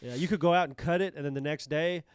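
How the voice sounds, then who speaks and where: A man co-hosting a podcast, chiming in casually with short, relaxed remarks. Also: fairly high pitch, fast, clean tone, no room sound, studio quality. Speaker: podcast co-host. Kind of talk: casual chat.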